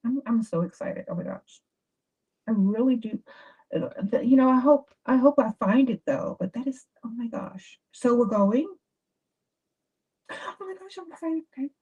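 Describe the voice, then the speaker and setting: A woman giving dating advice in a chatty, animated livestream talk. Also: a little high, moderate pace, long pauses, slightly rough. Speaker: advice host. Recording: dull lo-fi sound.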